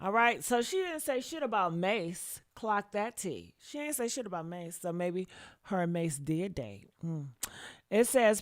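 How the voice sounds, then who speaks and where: A woman hosting a celebrity gossip show, reading out statements and reacting bluntly with profane, sassy asides, swinging from low mutters to loud outbursts. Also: animated, measured pace, no echo, clean studio sound. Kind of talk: casual commentary reading statements.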